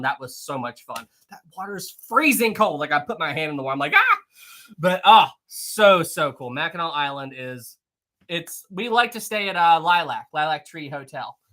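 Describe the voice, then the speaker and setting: A live stream host chatting casually with viewers and reading out chat messages, excitable and rambling, with frequent laughter. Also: medium pitch, moderate pace.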